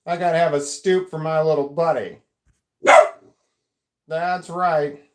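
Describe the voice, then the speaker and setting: A man streams live from an indoor room at home, phone at arm's length, rambling to his chat in a self-mocking, jokey way. He speaks slowly, with a fairly high, fairly even voice, amid heavy background noise and a barking dog.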